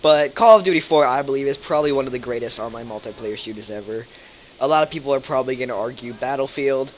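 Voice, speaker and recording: A young man talking over his own gameplay at a desk mic, rambling from thought to thought with plenty of ums and casual swearing. His voice sits at an ordinary middle pitch. A faint hiss runs under the recording. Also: fast talker, low-quality recording. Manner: rambling, profane, thinks aloud with many fillers. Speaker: let's play commentator. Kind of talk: live gameplay commentary.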